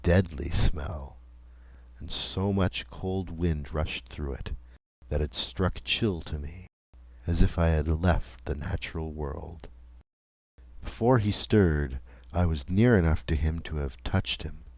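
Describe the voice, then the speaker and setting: A man reading a classic ghost story aloud in scripted audiobook narration, measured and deliberate. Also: rumbling low, darkish tone, dry recording.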